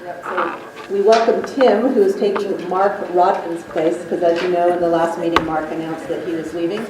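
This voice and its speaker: A woman facilitating a community advisory meeting, organizing introductions and welcoming members in a brisk, friendly way. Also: fairly low pitch, fairly even intonation, far from the mic. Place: large echoey meeting room. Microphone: distant room mic. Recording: echoey room recording from afar with noise.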